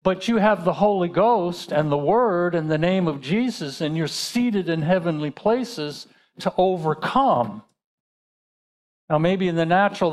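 Male pastor, high voice, chatty sermon delivery with questions to the congregation. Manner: conversational preaching with rhetorical questions.

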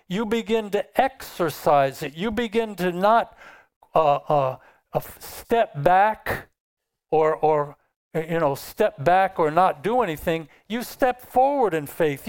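A man's voice: fairly high pitch, smooth. A man preaching a sermon as pastor, asking his listeners questions and answering them himself, emphatic with some restarts. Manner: unhurried and emphatic, with filler restarts.

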